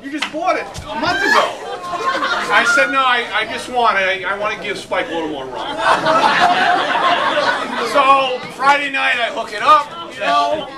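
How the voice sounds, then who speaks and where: A middle-aged man telling a comic anecdote at a reunion, laughing as he goes and breaking into loud outbursts. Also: extremely high pitch, animated, unhurried, heavy background noise. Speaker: storyteller at a reunion. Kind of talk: animated anecdote told to a crowd. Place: crowded reunion gathering. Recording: distant camera audio in loud crowd.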